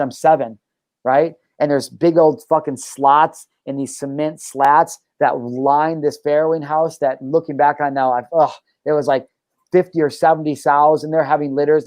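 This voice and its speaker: A young adult man, a show host and life coach, tells a personal story on his casual talk-show podcast, blunt, emphatic and laced with profanity. His voice sits on the high side with a darkish tone, captured in a dry recording.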